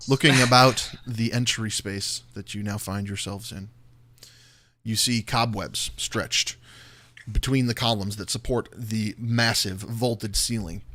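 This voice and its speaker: A man running a tabletop role-playing game as dungeon master, setting scenes with slow, descriptive narration. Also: fairly low pitch, fairly even intonation, bright, forceful tone.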